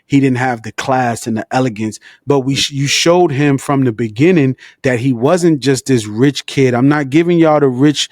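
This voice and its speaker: A man's voice: mid-range voice, normal speed, hardly any pauses, a little mellow, no echo. Enthusiastic slangy man, dry sound. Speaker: interviewer. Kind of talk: casual interview chat.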